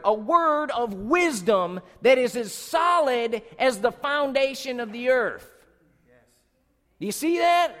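Male preacher, very high pitch, emphatic and exclaiming, recorded with a long hall reverb. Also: fairly bright tone. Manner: emphatic, exclaiming, asks the audience questions. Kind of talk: sermon.

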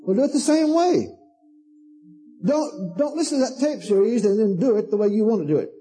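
A man's voice: sits high, animated, a little fast, warm tone, husky, poor audio. A man preaching a sermon to a congregation, fervent and emphatic, repeating himself and calling listeners "honey".

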